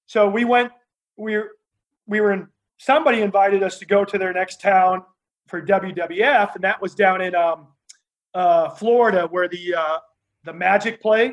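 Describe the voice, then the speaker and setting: Male interview guest, high-pitched, animated storyteller, lots of fillers and restarts. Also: moderate pace, poor audio. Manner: laughs while telling stories. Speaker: interview guest, former wrestler.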